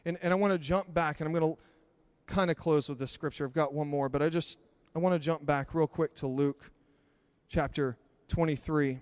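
A male preacher giving a passionate sermon, building to loud emphatic peaks and dropping to quiet, intense stretches. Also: a little high, fairly even intonation, normal speed, clean tone, no echo.

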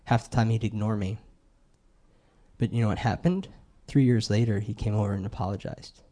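Mellow-voiced man preaching a sermon. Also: lowish voice, fairly even intonation, fairly quick. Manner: conversational, asks the crowd questions.

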